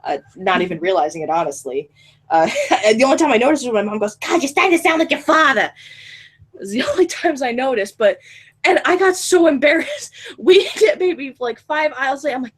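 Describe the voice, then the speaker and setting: A woman in her early twenties telling a funny story in casual chat, animated, laughing often and swearing freely. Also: sits high, brisk, slightly rough. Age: 20s.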